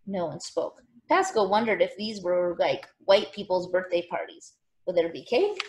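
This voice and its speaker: A woman reading a children's novel aloud with expressive, animated storytelling. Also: fairly low pitch, moderate pace. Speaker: narrator.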